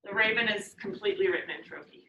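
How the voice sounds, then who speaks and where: Bright-voiced woman teaching in echoey room. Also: medium pitch, a little hiss or hum. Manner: patient, repeats definitions slowly. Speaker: poetry teacher. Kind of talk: classroom lesson. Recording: echoey room, mic far off.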